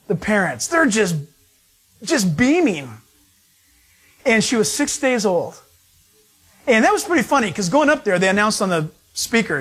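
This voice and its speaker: Male pastor, high voice, animated sermon storyteller who does the voices of his characters. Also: normal speed, husky. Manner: storytelling, animated, acts out voices of people he quotes.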